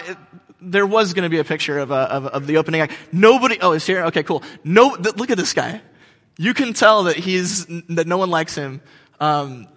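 A man's voice: fairly high pitch, sharp tone. A man in his thirties preaching a sermon in a church hall, telling jokes and stories, with many fillers and restarts. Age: 30s. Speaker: pastor. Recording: long hall reverb.

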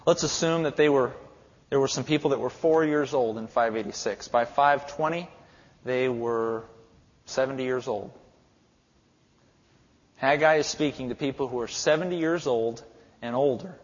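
Emphatic preacher in an echoey church. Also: male voice, medium pitch, moderate pace, long pauses. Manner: emphatic, repetitive preaching cadence. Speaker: pastor. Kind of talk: sermon. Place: church sanctuary. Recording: echoey hall, dull lo-fi sound.

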